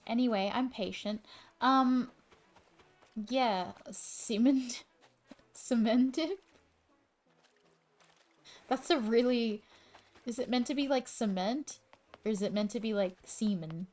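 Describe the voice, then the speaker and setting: Slow-talking woman streamer, swearing. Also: a little high, darkish tone, faint music behind. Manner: chatty, swears freely, exclaims at the game. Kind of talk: casual gaming live stream chat.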